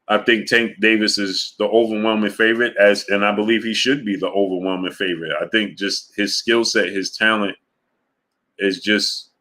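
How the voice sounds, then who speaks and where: A man running a live boxing talk stream with a bright, forceful voice. He keeps greeting viewers by name between points and pushes his pitch up when he argues a case. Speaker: boxing talk show host. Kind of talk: live-stream chat reading super chats.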